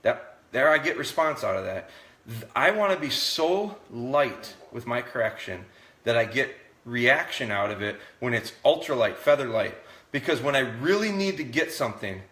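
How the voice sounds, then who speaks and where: A man runs a live dog training session, explaining each step to viewers in a relaxed way. His voice is bright and forward. The room around him rings with echo. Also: mid-range voice, moderate pace. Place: indoors.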